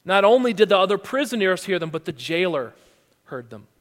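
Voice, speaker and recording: A male pastor delivers a sermon with a notably high voice, asking his listeners questions as he retells the story. His words ring out with a long reverb in a big hall. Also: a little fast. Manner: animated storytelling with rhetorical questions.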